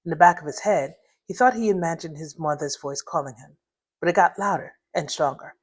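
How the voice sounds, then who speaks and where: A woman reads her own short story aloud at home in her living room, her voice on the low side. She narrates steadily and breaks off now and then to chat and laugh at her own stumbles. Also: a little fast, slightly rough. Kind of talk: reading aloud with casual asides.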